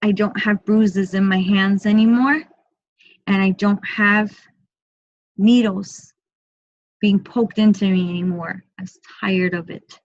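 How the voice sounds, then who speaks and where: A woman working as a medium, giving an online group reading in a soft, slow, repetitive way and often speaking in first person for the spirit. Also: medium pitch, fairly even intonation, no echo, lo-fi sound.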